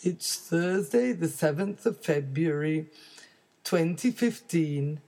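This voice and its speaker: A woman's voice: sits low, lively intonation, slow, mellow, full character voice. A woman voicing a tall father bear in a plain, matter-of-fact way in a storybook reading. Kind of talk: storybook read-aloud.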